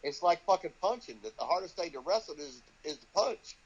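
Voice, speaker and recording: An older man tells a rambling, profanity-filled story, his voice sitting a little high for a man. He slips into the voices of the people he quotes. The recording is dull and muffled. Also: animated, fairly quick, husky. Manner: swears constantly, acts out quoted voices. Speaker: guest, wrestling trainer. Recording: dull lo-fi audio.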